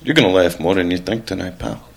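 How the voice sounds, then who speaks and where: A man's voice: low voice, fast talker. Brash crude stand-up comedian man. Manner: brash, crude, insulting crowd work. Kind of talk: stand-up routine.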